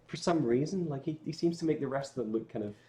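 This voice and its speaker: A man's voice: mid-range voice, fast, dark tone. A Scottish man chatting casually as a guest on a livestream, telling rambling stories with lots of fillers and restarts. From Scotland. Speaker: guest musician.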